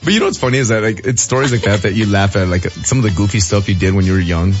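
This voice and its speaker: A man, telling animated, slangy stories as a podcast co-host. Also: fairly low pitch, quick pace, dull audio, faint music behind. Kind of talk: casual chat.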